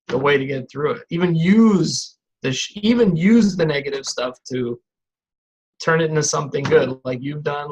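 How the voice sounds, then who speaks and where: Easygoing male podcast guest, higher voice. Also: poor audio. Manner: encouraging, easygoing. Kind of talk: casual chat.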